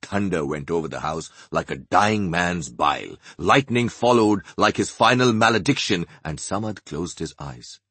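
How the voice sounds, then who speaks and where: A man narrating an audiobook in a measured, expressive way. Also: sits low, breathy edge, dry recording.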